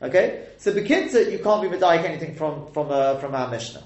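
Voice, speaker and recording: A man's voice: on the high side, lively intonation, brisk, darkish tone, dull audio. Questioning male teacher in an echoey room. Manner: quizzes listeners with rhetorical questions. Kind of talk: explanatory text lesson.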